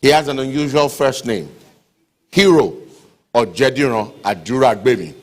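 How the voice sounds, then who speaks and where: A man acts as master of ceremonies, courteous and formal. His voice sits at an ordinary middle pitch for a man. He sounds like he is speaking in a lecture hall. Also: lively intonation, moderate pace, slight background noise. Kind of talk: formal event hosting.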